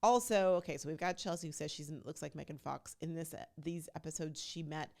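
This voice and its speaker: Low gravelly-voiced woman hosting a podcast. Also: brisk, a little mellow. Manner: chatty and emphatic, addresses listeners directly. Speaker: podcast host. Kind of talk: casual reality TV recap commentary.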